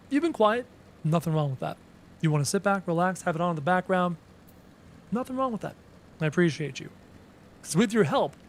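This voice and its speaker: A man's voice: fairly high pitch, a little hiss or hum. A man streaming a game live, chatting casually with his viewers in a playful, teasing, self-mocking way.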